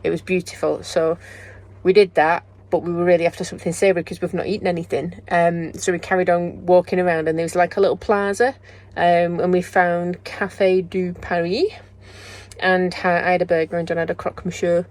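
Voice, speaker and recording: A woman's voice: on the low side, level tone, fast talker, darkish tone. Chatty middle-aged woman vlogging. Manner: chatty and jokey, laughs often. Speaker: travel vlogger. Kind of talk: casual vlog chat.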